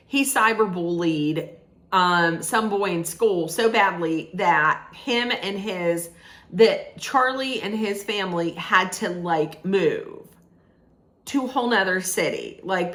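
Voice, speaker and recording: In a mid-range voice with a fairly bright tone, a woman reviewing movies casually walks through a film's plot, spoilers included. Her recap rambles, with restarts and plenty of "like."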